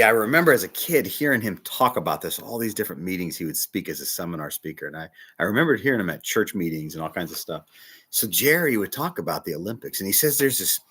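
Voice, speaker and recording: A middle-aged man, a bishop, preaching a sermon with emotional personal testimony, talking in a confiding, animated way. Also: fairly low pitch.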